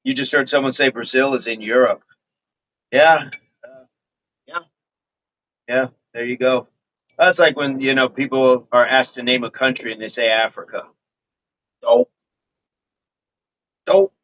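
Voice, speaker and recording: A man's voice: medium pitch, measured pace, pauses often, a bit bright, low-quality recording. A man hosting a fitness livestream in casual chat, reading viewer comments in a laid-back, rambling way and chuckling often. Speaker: fitness channel host.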